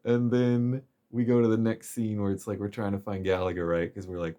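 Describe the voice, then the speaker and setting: A man's voice: fairly low pitch, little pitch movement, brisk, few pauses, mellow. A man casually recapping a game's story chapter, rambling and chuckling with plenty of fillers. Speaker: game story commentator.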